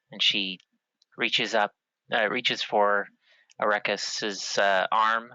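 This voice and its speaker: Casual: guy narrating his character's moves in a tabletop game, lots of uhs, slow and dry. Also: on the low side, fairly even intonation, bright, forceful tone, no room sound, highs cut off. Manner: halting, filler-heavy. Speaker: player.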